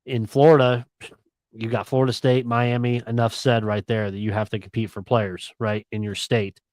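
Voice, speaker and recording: A man's voice: mid-range voice, level tone, normal speed, a little mellow, no echo. A man co-hosting a sports radio talk show, chatting casually and slangily about college football and picks. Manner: laid-back, chatty, slangy.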